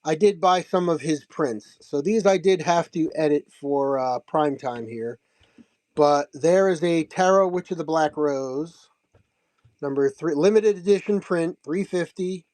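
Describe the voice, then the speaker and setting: A man's voice: a little high, measured pace, darkish tone, no echo. A man casually showing off signed comics and prints, chatting and laughing as he tells the story, often repeating himself. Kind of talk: casual show-and-tell recap.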